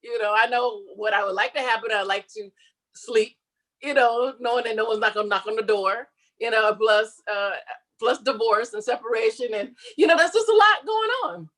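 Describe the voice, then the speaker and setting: A woman with a fairly high voice talks in a relaxed interview. She is animated and laughs a lot, dropping into playful quoted voices as she tells her story. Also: normal speed. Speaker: interview guest, comedian and online creator. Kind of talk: casual interview chat.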